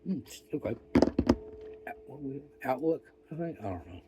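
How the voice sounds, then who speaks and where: An older man telling a rambling story in a profane, folksy, wry way, with pauses and restarts. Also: mid-range voice, sing-song, noisy background. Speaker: vlogger. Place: outdoors.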